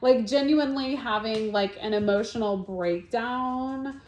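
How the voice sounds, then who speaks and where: Casting note: woman podcast co-host, slow and high-ish, laughs a lot, echoey room. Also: darkish tone. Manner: laughs often, many filler likes. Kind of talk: casual chat.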